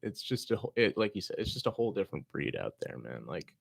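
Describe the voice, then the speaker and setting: A young man from Massachusetts chats as a guest, laid-back and freely profane. His low voice carries a gravelly edge, and the sound is dry and close. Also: big pitch swings, fast talker, no echo. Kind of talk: casual chat.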